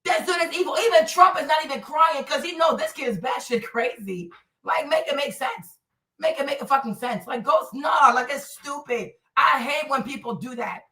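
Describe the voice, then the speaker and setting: High, bright furious woman ranting. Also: moderate pace, recorded from a distance. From Africa. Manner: furious, profane, often shouting. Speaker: livestream host. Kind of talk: heated livestream rant. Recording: echoey room, voice away from the mic.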